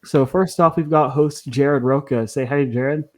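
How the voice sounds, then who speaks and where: A man's voice: mid-range voice, unhurried, darkish tone. A man hosting a podcast, talking casually and chattily, with frequent ums and restarts. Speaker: podcast host.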